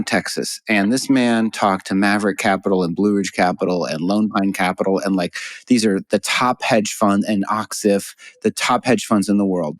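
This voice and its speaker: A man telling a story in a casual podcast chat, animated and often laughing. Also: on the low side, dry recording, low-quality recording.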